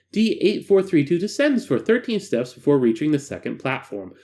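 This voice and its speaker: A man reading a horror document aloud as host, breaking off for chatty, self-deprecating asides. His voice sits fairly high for a man. It swings widely and animatedly in pitch. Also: very animated, normal speed, few pauses, dark tone.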